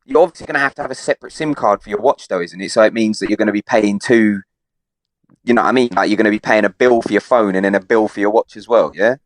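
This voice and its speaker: A young man in casual podcast chat, spinning animated stories full of slang and swearing. His voice sits at an ordinary middle pitch. The recording is close and dry, with no room sound. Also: fast, dry recording. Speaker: podcast co-host.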